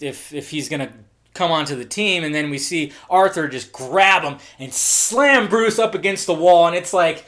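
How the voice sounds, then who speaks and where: Excitable high-voiced man reviewing films. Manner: excitable, swears freely, lively asides. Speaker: film trailer reviewer. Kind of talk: casual film review monologue.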